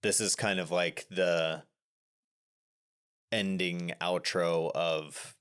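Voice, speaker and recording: Male podcast co-host, low voice, long meandering explanations of a film. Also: fairly even intonation, drawn-out words, fairly bright tone, smooth. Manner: explains at length with many restarts and fillers. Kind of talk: casual film discussion.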